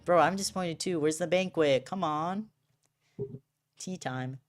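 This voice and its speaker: Young woman streamer, low voice, casual, reads game lines aloud, tries voices, faint music behind. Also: measured pace. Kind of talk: casual chat while reading game text aloud.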